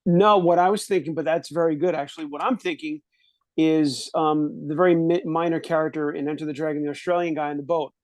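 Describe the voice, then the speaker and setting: A man's voice: fairly high pitch, fairly even intonation, brisk, no room sound. A man co-hosting a podcast, laughing easily and drifting into digressive asides. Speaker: podcast co-host. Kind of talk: casual recap chat.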